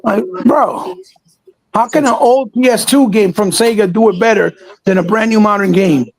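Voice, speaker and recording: A man's voice: high voice, normal speed, poor audio. A man co-hosting a casual gaming chat, ranting and swearing in exasperation. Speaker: podcast co-host.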